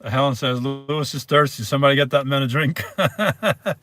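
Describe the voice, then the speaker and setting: A man's voice: mid-range voice, moderate pace, fairly bright tone, dry recording. A man hosting a casual live stream, reading viewer messages aloud and answering them in a rambling, hesitant way. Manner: rambling and hesitant, restarts words, reads viewer names aloud.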